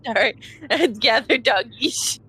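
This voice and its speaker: A woman's voice: on the high side, slow, bright, forceful tone, husky. A woman co-reader in giggly, joking casual chat.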